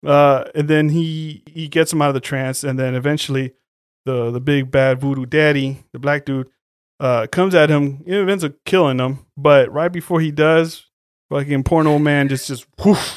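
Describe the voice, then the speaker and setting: A man with a slightly high voice retells movie scenes in a loose, profane, animated way. The sound is dry and close. He keeps the talk casual, like a podcast co-host. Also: moderate pace, no room sound. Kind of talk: casual chat.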